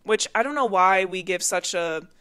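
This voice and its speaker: A young woman hosts her own podcast and tells stories in a casual, animated way. Her voice is smooth and clear, at an ordinary pitch for a woman. She laughs easily as she talks. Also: normal speed. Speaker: podcast host. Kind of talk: casual storytelling.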